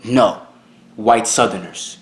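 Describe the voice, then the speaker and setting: A young man hosting a reaction video, talking casually in an excitable, rambling, slangy way. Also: fairly low pitch, takes it slowly. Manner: excitable, rambling, slangy, lots of "you know what I'm saying". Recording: roomy, echoey room.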